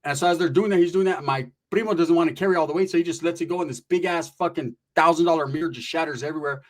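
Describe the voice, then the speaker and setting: A man's voice: on the high side, rapid-fire. A man telling a rambling comic story in crude, profane language, acting out the people he quotes.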